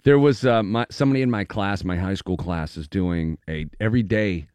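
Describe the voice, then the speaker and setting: A middle-aged man hosting a casual morning radio show, telling stories in an animated way and often slipping into loud put-on voices. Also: low voice, a little fast, clean tone, no room sound. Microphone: studio microphone.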